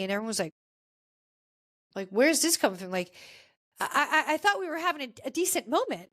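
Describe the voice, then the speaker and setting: A woman's voice: sits high, big pitch swings, moderate pace, long pauses, fairly bright tone, dry recording. A woman hosting a podcast, chatting casually and with strong opinions as she recaps a reality TV episode. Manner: chatty and opinionated, talking straight to cast members. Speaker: podcast host.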